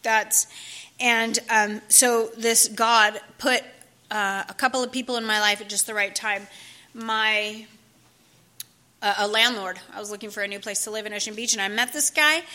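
A woman's voice: fairly high pitch, fairly even intonation, moderate pace, pushed and bright. A woman telling her personal recovery story to a group, conversational, with many fillers and restarts. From California. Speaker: speaker sharing recovery story.

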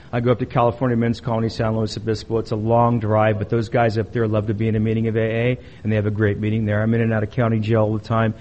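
A middle-aged man giving a personal testimony talk at a recovery meeting, blunt and wry, building emphasis as he tells his story. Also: mid-range voice.

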